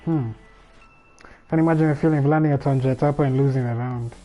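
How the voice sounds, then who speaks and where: A man's voice: mid-range voice, fairly even intonation, fast, mellow, soft background music, rough recording. A man hosting a casual livestream alone, thinking aloud in a rambling way with frequent restarts. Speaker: livestream host. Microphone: streaming microphone.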